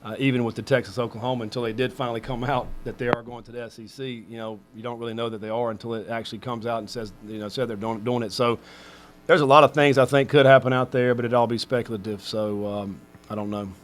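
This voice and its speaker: Man, middle-aged, football coach, press conference, rambling, filler-heavy, mid pitch. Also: fairly even intonation, quick pace, a little hiss or hum.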